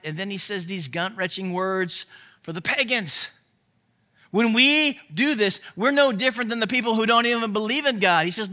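A young man preaching with a high, ringing voice. He talks to the congregation casually, slips into little acted voices and chuckles, then drops low and quiet for scripture. The tone is bright and forward. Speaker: pastor. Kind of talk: sermon.

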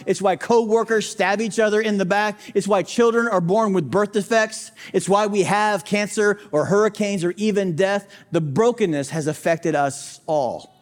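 A male pastor preaching a sermon, hammering points through repetition, asking rhetorical questions and speaking straight to skeptics in the room. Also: high-pitched. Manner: emphatic, repetitive preaching cadence.

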